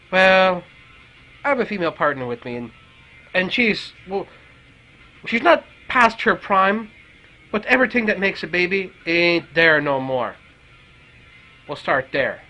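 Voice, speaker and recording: A man's voice: high voice, a little slow, pauses often, poor audio. A man with an Irish accent, a paramedic telling a work story as a profane, swearing rant. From Ireland. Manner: animated, swearing heavily.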